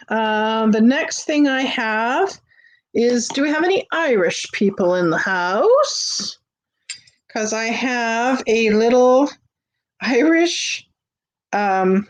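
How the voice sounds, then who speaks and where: A woman hosting a live vintage sale from her home, chatting casually with fillers as she shows each item. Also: a little high. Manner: chatty, unhurried, with frequent fillers and restarts. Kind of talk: casual live-stream selling. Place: home on a busy street.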